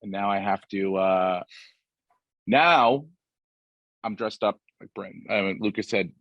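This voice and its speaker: A man's voice: on the low side, a little slow, pauses often, dry recording, muffled recording. Profane rambling man hosting a podcast. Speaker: podcast host. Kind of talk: casual podcast chat.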